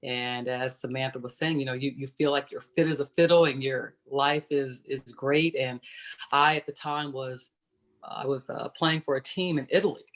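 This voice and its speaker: Her bass voice holds a steady tone and moderate pace as she recounts her personal story on a virtual panel over a video call. She's a panelist in her forties who once played professional basketball, and she explains conversationally, checking in with "right?".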